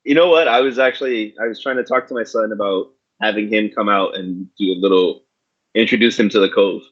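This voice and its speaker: A man's voice: lowish voice, a little fast, fairly bright tone. A middle-aged man co-hosting a podcast, joking around in casual chat with the odd swear. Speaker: podcast co-host. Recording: dull, lo-fi sound.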